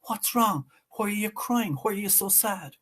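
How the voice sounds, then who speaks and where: A man voicing the Carruach, a crafty healer who calmly tricks Death. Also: mid-range voice, normal speed, breathy edge. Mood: kind. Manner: sly, calm and cheerfully tricky.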